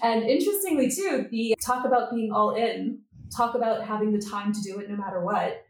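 A middle-aged woman, a guest on a podcast, telling her story and acting out the dialogue with lively energy. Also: a little high, brisk, echoey room, rough recording. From Canada. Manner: lively, acts out quoted dialogue. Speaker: podcast guest, business coach. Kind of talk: storytelling interview.

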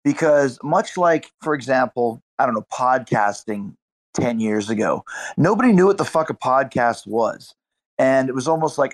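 Male guest, mid pitch, animated and profane storyteller. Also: normal speed, poor audio. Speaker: guest on a live audio stage.

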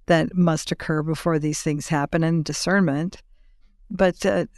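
A woman with a smooth, clear voice hosts a conversational interview. She answers her guest thoughtfully and affirmingly, recorded dry and close to the mic. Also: on the low side, no echo. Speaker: podcast host.

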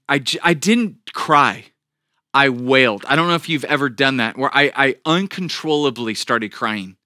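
Earnest bright-voiced male pastor preaching. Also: mid-range voice, no room sound, clean studio sound. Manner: earnest, animated storytelling with frequent restarts. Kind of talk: sermon.

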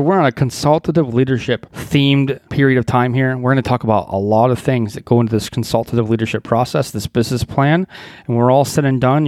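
A man's voice: mid-range voice, darkish tone, no room sound. Emphatic male podcast host, dry sound. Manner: emphatic, repetitive, coaching tone with rhetorical questions. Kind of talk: solo podcast monologue on network consulting.

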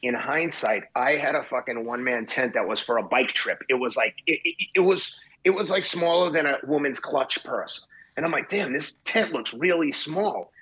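A man in his fifties, a podcast guest telling a swearing, animated anecdote in casual chat. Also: medium pitch, moderate pace, breathy edge. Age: 50s. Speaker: podcast guest, marathon runner.

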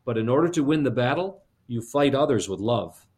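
A man voicing a gentle older village pastor, with hushed, calm, counselling speech. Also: mid-range voice, a little fast, voice pushed down, natural voice. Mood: earnest.

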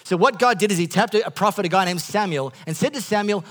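Australian male preacher, high and bright. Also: fast, few pauses. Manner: rambling, self-interrupting storyteller with comic asides. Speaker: pastor. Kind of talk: sermon.

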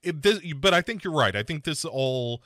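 A man hosting a casual movie podcast, his voice bright and forward. He rambles and restarts, padding his talk with fillers. The sound is dry and close, with no room around it. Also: a little high, big pitch swings, moderate pace, dry recording. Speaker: podcast host.

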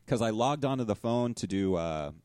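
A man's voice: on the low side, lively intonation, moderate pace, darkish tone, smooth, dry recording, clean studio sound. A man co-hosting a casual podcast, laid-back, laughing often and teasing his co-host.

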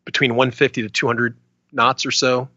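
Guy on a podcast, bright tense voice, bit dull and lo-fi, rambles with lots of you knows. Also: mid-range voice, flat delivery, normal speed, no echo. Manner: rambling, hedging, many "you know"s. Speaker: podcast co-host. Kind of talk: casual chat.

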